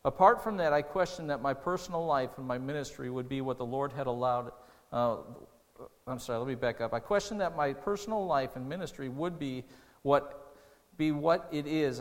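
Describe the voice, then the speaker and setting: A man's voice: mid-range voice, big-room sound. A man preaching a sermon as pastor, earnest and conversational, with restarts and rising emotional peaks.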